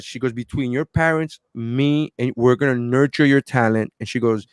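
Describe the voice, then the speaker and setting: A man in his thirties co-hosting a podcast, telling a story in a lively, animated way and acting out other people's voices. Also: medium pitch, moderate pace, clean tone, no echo, clean studio sound. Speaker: podcast co-host. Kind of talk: casual chat.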